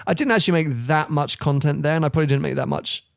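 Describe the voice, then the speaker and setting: Animated young Englishman telling stories. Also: on the high side, fast talker, gravelly, smooth, no room sound, clean studio sound. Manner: animated storyteller, laughs often. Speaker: guest. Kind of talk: casual chat.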